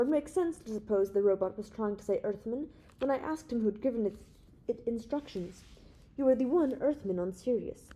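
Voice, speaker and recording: A woman reading the part of a young male space hero who lays out his case in a calm, authoritative, reasoning way. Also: a little high, breathy edge.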